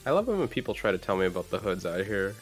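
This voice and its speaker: Quick-talking low-voiced man. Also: very animated, faint music behind. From Los Angeles. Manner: quick, reacts to the stream. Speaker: stream co-host. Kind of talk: casual chat.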